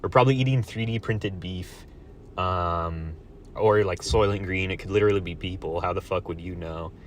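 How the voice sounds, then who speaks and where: A man in a profane solo vlog rant, swinging between loud outbursts and low muttered asides. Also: moderate pace, slight background noise. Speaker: vlogger.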